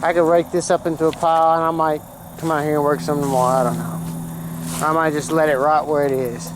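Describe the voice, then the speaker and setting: A gardening vlogger rambles through a tour of his vegetable plot outside in a folksy, talkative style. His fairly high voice moves quickly with a flat delivery, over some background noise.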